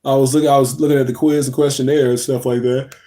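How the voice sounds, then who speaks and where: A man's voice: mid-range voice, level tone, fast, warm tone. A young man, hosting a casual livestream, chatting loosely, reading the chat aloud and yawning now and then. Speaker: livestream host.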